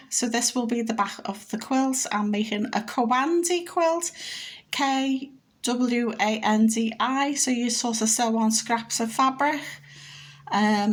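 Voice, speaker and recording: A woman chatting casually in her home kitchen, showing thrift bargains in an upbeat, rambling way. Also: fairly high pitch. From Britain. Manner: chatty and upbeat, with many fillers. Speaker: frugal living vlogger. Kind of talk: casual thrift haul chat.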